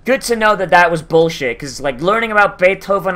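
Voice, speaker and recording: High-voiced man chatting crudely. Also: very animated, moderate pace, hardly any pauses, a bit bright. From United Kingdom. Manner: rambling, crude, joking. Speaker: game streamer. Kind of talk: casual game commentary.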